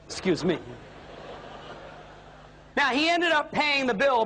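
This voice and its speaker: A man with a high, lively voice tells a funny story from the stage as a service trainer. His words ring out in a large hall with a long, trailing echo. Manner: animated, comic storyteller. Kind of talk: keynote storytelling.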